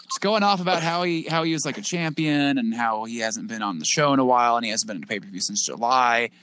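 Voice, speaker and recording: A man's voice: mid-range voice, expressive, fast, a bit bright, slight background noise. A man co-hosting a podcast, casually recapping a show with rambling asides and laughter. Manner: rambling, laughing, acts out quotes. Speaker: podcast co-host. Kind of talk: casual chat recapping wrestling.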